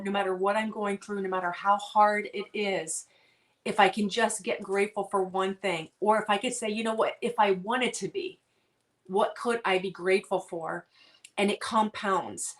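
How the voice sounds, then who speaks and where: A middle-aged woman, a guest author, sharing heartfelt personal stories in an earnest, halting way with many restarts. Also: medium pitch, a bit bright.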